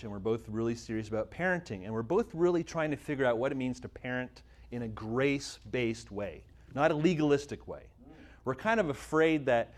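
Here a Canadian man in his thirties, a magazine editor and church speaker, offers a laid-back sermon talk with prayer. He has a mid-range voice with a darkish tone and sounds weary, joking at his own expense.

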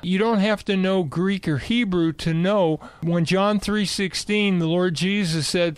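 A man explaining Bible passages in conversation, emphatic and animated. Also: high-pitched, clear, resonant tone, no room sound. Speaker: Bible teacher guest.

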